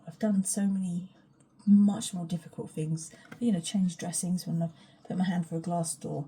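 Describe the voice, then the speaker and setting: A woman's voice: lowish voice, steady tone, moderate pace, dark tone, husky. A woman chatting frankly at home in her kitchen, rambling and swearing and often dropping to a whisper. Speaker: vlogger. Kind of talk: rambling casual vlog chat.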